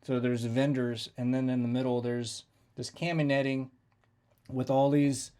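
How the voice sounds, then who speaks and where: A man's voice: medium pitch, little pitch movement, unhurried, mellow, clear, resonant tone. A man telling a casual, profane story and acting out the exchanges he quotes. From United States. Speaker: veteran storyteller.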